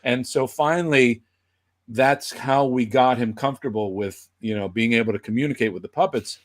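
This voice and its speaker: A man's voice: medium pitch, normal speed. A man, a guest puppeteer, telling a casual anecdote and acting out the people he quotes. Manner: animated, acts out quoted voices.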